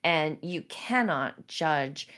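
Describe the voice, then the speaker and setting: A woman hosting a podcast, asking questions in a playful, lively way. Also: deep voice, drawn-out words. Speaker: podcast host. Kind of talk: casual interview talk.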